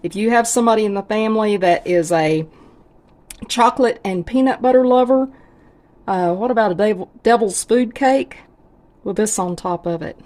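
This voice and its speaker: A woman's voice: medium pitch, normal speed, darkish tone. A middle-aged woman, chatting in a folksy way as she cooks and tastes food for her vlog. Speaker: home cook vlogger. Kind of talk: casual cooking vlog.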